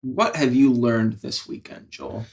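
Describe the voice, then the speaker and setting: A man's voice: mid-range voice, measured pace, gravelly, darkish tone. A man co-hosting a casual podcast chat, laid-back and wry. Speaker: podcast co-host.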